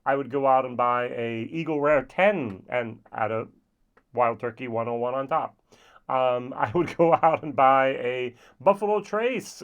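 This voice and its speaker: A man's voice: medium pitch, lo-fi sound. Chatty European man reviewing whiskey. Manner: chatty, with playful asides. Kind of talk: casual spoken review.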